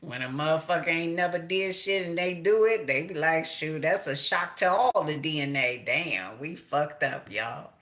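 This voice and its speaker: A woman's voice: sits low, normal speed, few pauses, a bit bright. A middle-aged woman from Chicago doing a casual tarot reading, talking straight to viewers, swearing freely and laughing. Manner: profane, laughing, talks to viewers directly. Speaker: tarot reader.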